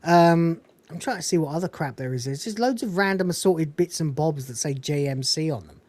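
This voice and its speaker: A woman's voice: low voice, animated, a little fast, darkish tone. A woman, co-hosting a fan review show and chatting casually with many ums while recapping scenes. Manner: chatty, frequent ums and swearing, acts out the characters' quotes. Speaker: podcast co-host reviewing a TV episode.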